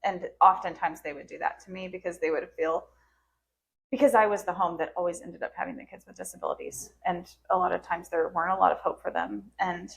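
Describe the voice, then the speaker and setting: Telling an emotional personal story in casual conversation, this woman podcast host has a lowish, gravelly voice and a brisk, fairly even delivery. As she relives moments, her voice rises and cracks into tearful laughter.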